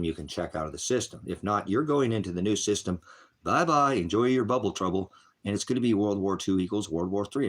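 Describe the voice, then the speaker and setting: A man delivers an informal, meandering sermon in a deep, husky voice. He is combative and swears freely, and he clears his throat often between points. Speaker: street preacher.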